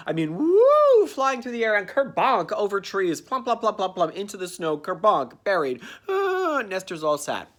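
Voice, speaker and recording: A man giving a campy, sarcastic comedic recap of a cartoon, dropping into quick character voices. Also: high-pitched, sing-song, a bit bright. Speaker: comedic reviewer.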